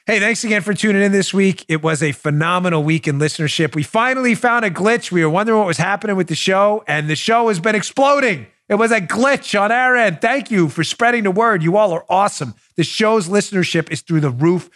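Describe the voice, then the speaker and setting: A man hosting a political commentary show, animated and sarcastic with wisecracks. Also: high voice, fairly quick, hardly any pauses, no echo, studio quality. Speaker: host.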